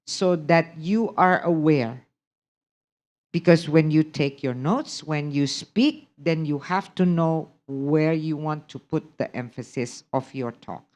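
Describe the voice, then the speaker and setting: Slow, low-voiced woman teaching. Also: a little mellow. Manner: mixes Indonesian and English, repeats and models sentences aloud. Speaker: presentation skills instructor. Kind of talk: live online class lecture.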